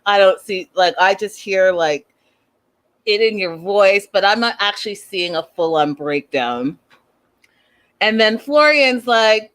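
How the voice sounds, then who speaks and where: Brief: animated, sassy female host, casual slangy recap, mid-pitched voice. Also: slow pace, pauses often, smooth.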